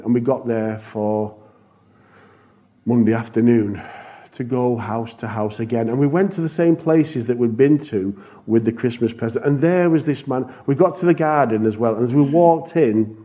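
A man's voice: mid-range voice, normal speed. A man earnestly telling a congregation a testimony from his mission work, with some restarts along the way. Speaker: church missions speaker. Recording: dull lo-fi recording.

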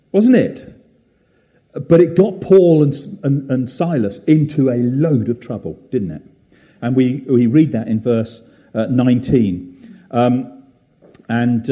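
A man preaching a gentle, reflective sermon at a church service, with frequent fillers and pauses. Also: medium pitch, lo-fi sound.

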